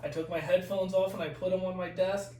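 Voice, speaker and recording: A man telling a profane, animated story as a podcast guest, with frequent laughs, recorded in an echoey room away from the mic. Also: sits high, brisk, distant mic, a little hiss or hum. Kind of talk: casual storytelling.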